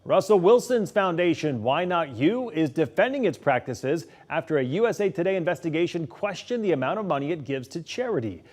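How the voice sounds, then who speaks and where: A man anchoring a late-night local newscast, reading stories in a steady, measured way. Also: fairly high pitch. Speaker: news anchor. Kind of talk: scripted news reading.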